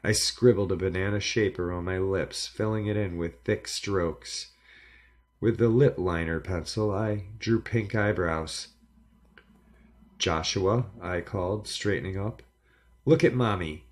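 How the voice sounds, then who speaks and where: A man reading a first-person horror story aloud in a measured, dramatic storytelling delivery. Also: sits low, fairly even intonation. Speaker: narrator.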